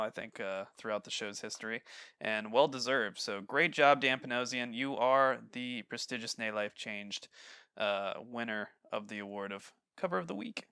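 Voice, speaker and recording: A man from Ohio hosts a casual podcast chat, and his voice is bright and crisp. He rambles through his points with plenty of fillers and frequent laughs. He is recorded close and dry on a podcast mic at home. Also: mid-range voice, dry recording. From Ohio, USA. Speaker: podcast host.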